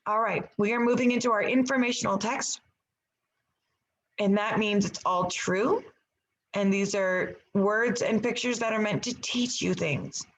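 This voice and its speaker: A woman teacher reading a picture book aloud to her class, with expressive storybook delivery. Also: medium pitch, unhurried, low-quality recording.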